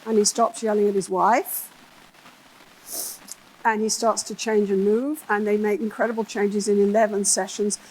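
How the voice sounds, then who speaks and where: A woman's voice: medium pitch, normal speed, a little hiss or hum, rough recording. An older English woman, a therapist, giving a conference talk, telling case stories and acting out the voices of the people in them. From England. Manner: animated, acts out voices in her stories. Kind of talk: conference keynote storytelling. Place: conference hall.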